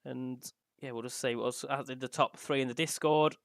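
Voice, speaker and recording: A man's voice: medium pitch, fairly even intonation, normal speed, vocal fry, no room sound. A young man co-commentating an online racing league, enthusiastic and talking with a sore throat. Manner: enthusiastic, talks the results through steadily.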